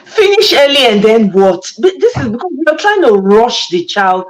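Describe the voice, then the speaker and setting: Woman, Nigerian accent, host, casual discussion, lively pitch, fairly high voice. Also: normal speed, low-quality recording. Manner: animated, slips into Pidgin.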